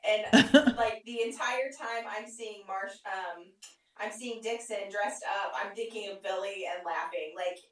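A woman co-hosting a podcast, chatting casually with soft-spoken, musing asides. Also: medium pitch, a little slow, poor audio. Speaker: podcast co-host. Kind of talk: casual chat.

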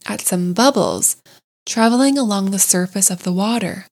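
A woman voicing a timid, excitable little male mole who gasps with wonder. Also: mid-range voice, moderate pace, natural voice. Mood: eager. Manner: breathless wonder.

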